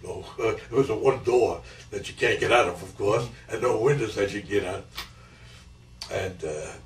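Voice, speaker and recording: A man's voice: fairly low pitch, moderate pace. An 80-year-old man telling his grandchildren about his life, rambling and repeating key phrases. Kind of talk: casual storytelling interview. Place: family home. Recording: echoey home camcorder audio, mic far off, faint hiss.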